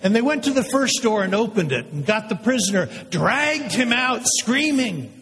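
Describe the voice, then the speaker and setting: A man voicing a condemned male prisoner awaiting crucifixion, telling his story in a first-person dramatic monologue with intense pauses. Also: high voice, big pitch swings, a bit bright, husky, exaggerated voice. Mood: somber. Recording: long hall reverb.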